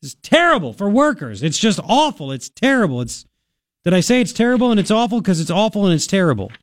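A man's voice: high-pitched, big pitch swings, fast talker, dry recording, studio quality. A man hosting opinionated talk radio commentary, sarcastic and incredulous, repeating his points for emphasis. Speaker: talk show host.

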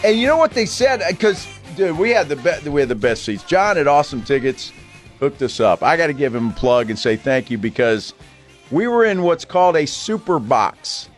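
A man's voice: on the high side, big pitch swings, normal speed, soft background music. A man hosting a casual sports talk show, an enthusiastic storyteller chatting with his co-host in a studio. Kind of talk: casual radio chat. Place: broadcast studio.

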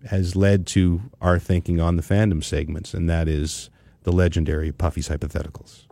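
A man's voice: sits low, flat delivery, moderate pace, gravelly, warm tone. A man hosting a podcast in casual, teasing chat with his co-hosts, also reading sponsor spots. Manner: teasing, joking. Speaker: podcast host.

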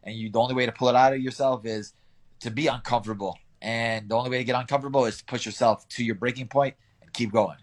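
Laid-back young fighter telling stories. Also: male voice, medium pitch, fast. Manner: relaxed, laughs often, storytelling with acted quotes. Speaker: interviewed fighter. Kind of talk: casual interview answers.

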